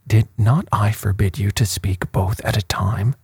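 A curt, commanding prince who has run out of patience with his servants, read by a man. The voice stays low and dark, with a husky, breathy edge, and the lines come slow and clipped. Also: steady tone, no echo, clean studio sound, exaggerated voice. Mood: impatient. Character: stern proud male prince, short-tempered lord.

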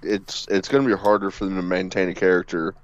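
A man's voice: low-pitched, little pitch movement, fast talker, clean tone. A man co-hosting a casual podcast, blunt and skeptical, swearing offhandedly. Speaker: podcast co-host. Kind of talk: casual wrestling podcast chat.

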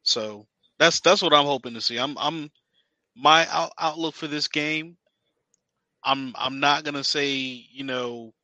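A man co-hosting, talking in a halting way full of fillers and restarts. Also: fairly high pitch, bright, forceful tone, no echo, low-quality recording. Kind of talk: casual chat.

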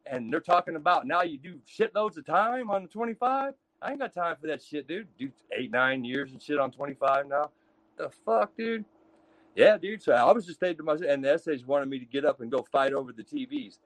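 A man with a high-pitched voice from Texas spins rough prison stories, swearing freely and acting out each character. The sound is dry and close, with no room around it. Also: brisk, no room sound. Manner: profane, animated storyteller acting out other inmates. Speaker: guest telling prison stories. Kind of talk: casual storytelling.

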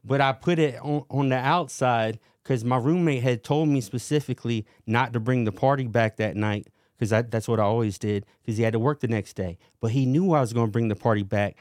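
A man's voice: mid-range voice, no room sound, studio quality. A man casually telling wild party stories in a podcast chat, slangy and laughing at himself. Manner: laid-back, slangy, laughing at his own stories.

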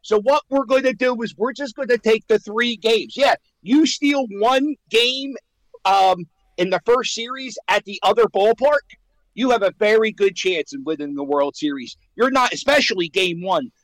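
A man's voice: high voice, normal speed, a bit bright, dry recording, rough recording. A man calling in to a radio show, boastful and rambling, fired up as he talks sports. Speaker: caller. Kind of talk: excited sports chat on the radio.

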